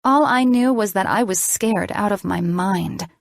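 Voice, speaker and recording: A woman narrating a first-person audiobook in a measured, expressive storytelling voice. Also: medium pitch, creaky, a little hiss or hum.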